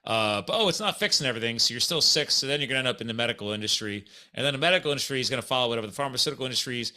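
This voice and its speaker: Bright, emphatic American podcast host. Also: male voice, mid-range voice, expressive, very fast. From United States. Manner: emphatic, ranting listener-directed points. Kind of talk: casual podcast chat.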